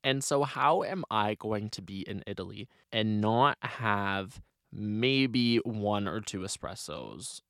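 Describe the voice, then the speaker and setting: A young man hosting his own solo podcast, talking in an animated, chatty way with lots of "like" fillers. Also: on the low side, takes it slowly, dry recording, studio quality. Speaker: podcast host.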